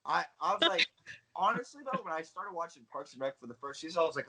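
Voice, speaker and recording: A man's voice: a little high, lively intonation, fast talker, pushed and bright, slightly rough, poor audio. A man, a wrestler guest chatting in a laid-back way with many fillers. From Indiana, USA. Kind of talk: casual interview chat.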